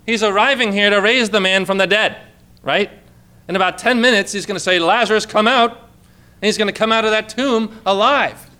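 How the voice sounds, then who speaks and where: A man's voice: sits high, moderate pace, sharp tone, clear, resonant tone. A man preaching a sermon to a congregation in a church, in a conversational way, asking many questions and calling for amens. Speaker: pastor.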